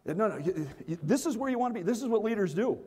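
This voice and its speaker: Male seminar host, high-pitched, playful crowd worker; hall-reverb sound. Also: lively intonation, fast, darkish tone, breathy edge. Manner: playful, teasing, call-and-response with the crowd. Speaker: motivational speaker and magician. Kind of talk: energetic seminar talk with audience participation. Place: large hall with audience.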